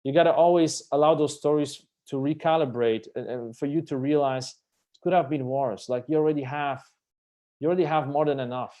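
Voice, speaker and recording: A man telling stories as a guest on a live stream, animated and emphatic, swearing freely as he talks. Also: fairly high pitch, fairly quick. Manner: animated, emphatic storyteller who swears casually. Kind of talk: live-stream conversation, storytelling.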